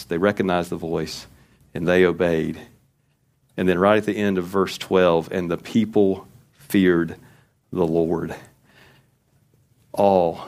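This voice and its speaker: A man's voice: fairly low pitch, creaky, darkish tone. A man preaching a conversational, folksy sermon in a church, reading scripture with emphasis. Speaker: pastor.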